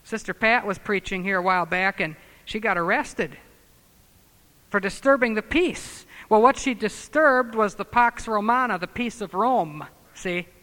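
A man preaching a sermon, emphatic and scornful, dropping from loud declarations to low muttered asides. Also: unhurried, long reverb tail.

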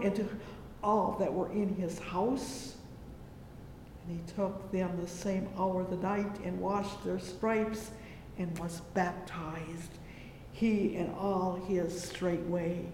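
Slow fervent preacher in an echoey hall. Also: fairly even intonation. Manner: fervent, peppered with "oh, yes" and "praise the Lord"; swells loudly on exclamations. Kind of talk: sermon. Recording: echoey hall with faint rumble.

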